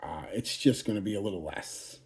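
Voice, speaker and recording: Brisk and lowish, with a slightly mellow quality, this man in his forties runs a fragrance channel and talks casually to his audience in an update monologue. Expect bluntness, profanity, rambling, and plenty of restarts.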